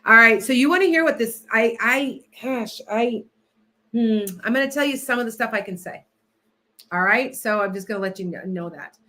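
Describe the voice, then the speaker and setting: Chatting with viewers while she gets set up, a tarot-reading livestream host rambles distractedly and keeps starting over. She speaks at a normal pace in a slightly high voice with a sharp tone.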